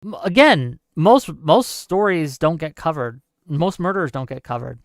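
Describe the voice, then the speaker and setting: A talk show host giving emphatic, argumentative commentary and rebutting viewer comments, often adding quick tag questions. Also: mid-range voice, expressive, dry recording, studio quality. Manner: frequent tag questions and fillers. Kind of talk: live call-in commentary, reading viewer comments.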